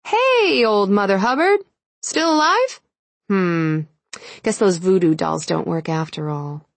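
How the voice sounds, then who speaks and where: A woman's voice: mid-range voice, animated, slow, dry recording. A woman reading an audiobook and voicing a sassy young alpha female werewolf with a teasing, sarcastic manner. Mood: mocking tease. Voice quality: mocking, sarcastic.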